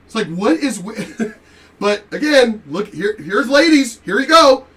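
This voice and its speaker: A man telling a story in a profane, animated rant while commenting on a reaction video. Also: extremely high pitch, a little slow, distant mic. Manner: animated, profane, laughing asides.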